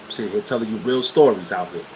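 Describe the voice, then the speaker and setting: Telling stories on his livestream in blunt street slang, this New York-accented Brooklyn host speaks fast with a voice on the low side. The recording is rough, and air conditioning hums in the background of the casual storytelling.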